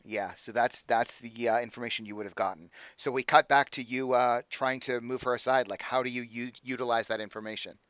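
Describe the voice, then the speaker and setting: A young adult man narrating as game master, casual and halting, with many fillers and restarts. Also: mid-range voice, fairly even intonation, fairly bright tone, clear, resonant tone, no room sound.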